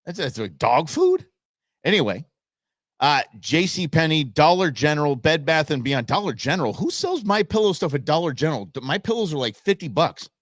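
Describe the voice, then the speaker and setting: Male talk host, middle-aged, blunt and exasperated; lively, somewhat high voice, dry studio sound. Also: moderate pace, dry recording. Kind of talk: opinionated live show rant.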